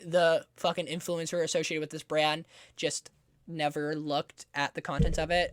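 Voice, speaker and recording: A woman's voice: low voice, no room sound, studio quality. A woman hosting a casual podcast, telling a story with lots of swearing and sarcasm. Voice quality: profane, sarcastic, animated storyteller. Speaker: podcast host. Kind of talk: casual chat.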